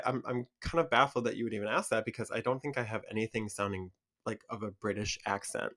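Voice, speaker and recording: Michigan guy vlogging, casual chatty and animated, lots of "like" and "uh", mid pitch. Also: fairly quick. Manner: chatty and animated, with frequent fillers and laughs. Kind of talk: casual chat to camera.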